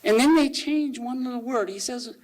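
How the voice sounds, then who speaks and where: A man giving a conversational sermon at a church service, reading quotations aloud slowly and asking the congregation rhetorical questions. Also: extremely high pitch, low-quality recording.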